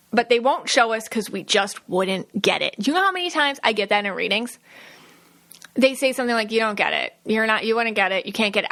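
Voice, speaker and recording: A bright, clear-voiced woman talking through a casual solo podcast episode. She is chatty and loose, with lots of fillers and quick restarts, and she slips into little acted-out quotes along the way. Her pitch sits at an ordinary middle height. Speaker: podcast host and psychic medium.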